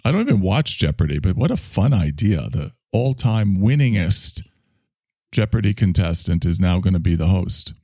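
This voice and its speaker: A man's voice: sits low, sing-song, moderate pace, warm tone, no room sound, studio quality. A man hosting a casual solo chat show, rambling with sarcastic asides and sighs. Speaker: host.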